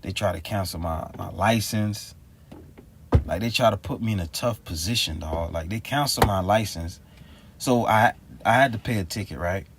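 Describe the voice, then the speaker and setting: A man's voice: fairly low pitch, moderate pace, background noise. A man telling a story in a rambling, slangy and exasperated way for a casual vlog. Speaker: vlogger.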